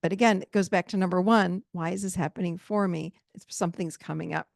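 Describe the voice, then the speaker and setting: Talking fast with vocal fry, this woman has a lowish voice and fairly even intonation. She's a relationship coach hosting her own podcast, giving advice directly, emphatically, and conversationally to "you guys," in clean studio sound with no echo.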